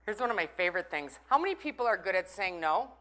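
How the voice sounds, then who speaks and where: Bright-voiced woman speaker. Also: on the low side, sing-song, fast. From Minnesota. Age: middle-aged. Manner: chatty and playful, teasing the audience. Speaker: conference breakout speaker. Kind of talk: motivational talk to a live audience.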